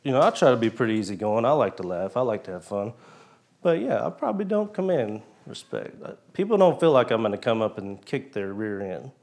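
A man's voice: mid-range voice, big pitch swings, a little fast, darkish tone. A man preaching, telling a personal story in a folksy way and acting out the dialogue.

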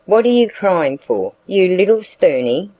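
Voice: mid-range voice, very animated, measured pace, dark tone, no echo, poor audio. A reader voicing a teasing, coaxing boy. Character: offhand young boy, teasing but kindly.

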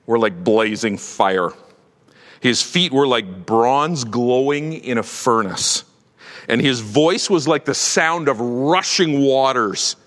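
A man preaching a sermon with animated delivery, swinging from loud proclamation to hushed tones. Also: medium pitch, big-room sound. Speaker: pastor.

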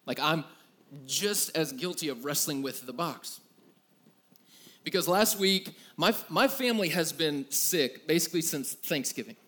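A man's voice: fairly high pitch, expressive, measured pace, fairly bright tone. A man in his thirties preaching to a room, telling a personal story in a candid, self-deprecating way with many fillers. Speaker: youth pastor. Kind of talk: sermon.

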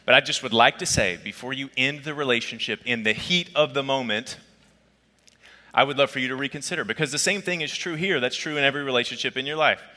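A man preaching a sermon as a pastor, telling a personal story in a conversational, lively way. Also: mid-range voice, fast talker, big-room sound. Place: church auditorium.

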